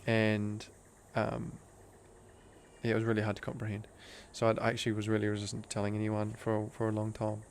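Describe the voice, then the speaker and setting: A man's voice: lowish voice, monotone, brisk, slight background noise. A man telling a personal story in a casual, earnest way, full of laid-back slang. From Australia. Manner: laid-back slang, calls the host bro; earnest and emotional, drifts into soft hushed tones. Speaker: guest, breathwork teacher.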